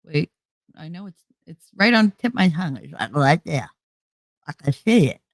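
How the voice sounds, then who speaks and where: On her YouTube channel, a middle-aged woman speaks in an expressive voice that sits low, at a moderate pace with no room sound. She chats casually and rambles, joking around and laughing often.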